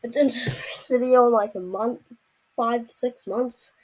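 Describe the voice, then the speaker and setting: A woman's voice: on the high side, steady tone, unhurried, darkish tone, rough recording. A woman chatting casually to viewers as she reacts to a video, often apologizing in asides. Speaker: reaction vlogger.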